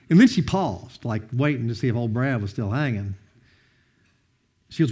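Animated husky-voiced man preaching. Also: medium pitch, brisk. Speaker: pastor. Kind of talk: sermon.

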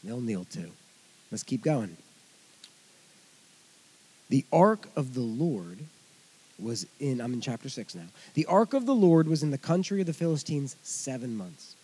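A man preaching a sermon, reading scripture and explaining it with casual asides to his congregation, swinging between loud emphasis and quiet remarks. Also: medium pitch, big pitch swings, unhurried, pauses often, slightly rough. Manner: expository Bible teaching, conversational asides to congregation. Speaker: pastor.

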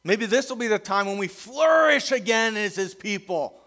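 Middle-aged male pastor, slightly high voice, conversational sermon delivery, acts out quoted lines. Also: lively intonation, normal speed, bright, forceful tone, long reverb tail.

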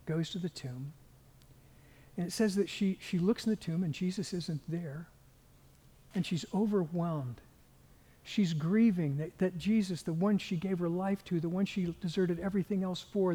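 A man's voice: high voice, warm tone, husky. A man preaching a sermon as pastor, earnest and at times dropping to a near whisper. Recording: long reverb of a large hall.

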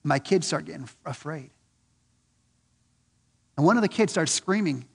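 A man preaching a sermon, earnest and repeating questions for emphasis, swinging from loud and lifted on key points to low and soft. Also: expressive, measured pace, vocal fry, pauses often, husky. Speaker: pastor.

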